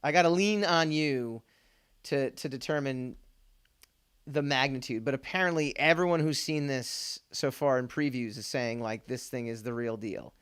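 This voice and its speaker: Smooth-voiced rambling podcast host, a man. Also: mid-range voice, normal speed, fairly bright tone. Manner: rambling, laughs often, many fillers and restarts. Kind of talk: casual pop culture chat.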